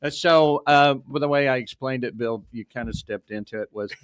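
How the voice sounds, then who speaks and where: A man's voice: medium pitch, normal speed, clear, resonant tone. A man appearing as a state representative guest, joking dryly with the host.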